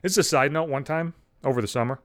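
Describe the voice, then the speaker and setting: This thirty-something man from the Buffalo area, USA, hosts a podcast and rants fast in a casual monologue full of profanity, sarcasm and exasperation. His voice sits fairly high and a bit bright, captured in a dry, studio-quality recording.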